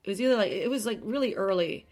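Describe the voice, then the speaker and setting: A woman's voice: medium pitch, fast, a little mellow. A woman hosting a podcast, talking in a chatty, rambling, self-deprecating way. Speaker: podcast host. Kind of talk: casual chat monologue.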